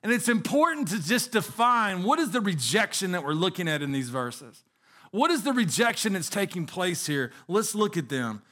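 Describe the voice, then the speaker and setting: Pastor, male, middle-aged: high, sharp-toned voice, earnest sermon delivery with questions to the room. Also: big pitch swings, moderate pace. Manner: earnest preaching with rhetorical questions.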